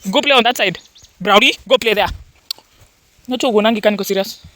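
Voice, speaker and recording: A young woman with a mid-range, slightly fast voice gives a casual farm-tour vlog walking through her vegetable garden outdoors. She exclaims animatedly at her crops and calls to her dogs, now scolding them, now cooing at them.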